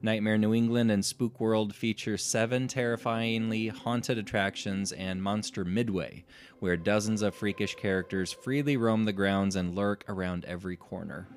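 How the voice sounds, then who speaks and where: A man's voice: lowish voice, steady tone, normal speed. A man hosting a casual podcast chat, reading haunted house listings aloud and joking about them. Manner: reads aloud, then jokes and laughs. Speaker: podcast host.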